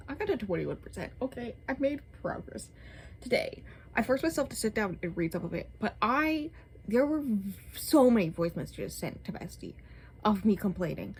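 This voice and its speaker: A woman's voice: mid-range voice, measured pace, long pauses, a little hiss or hum. A young woman vlogging a casual, exasperated book rant, with lots of "like" and "um". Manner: animated, exasperated, lots of filler words. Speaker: book reviewer.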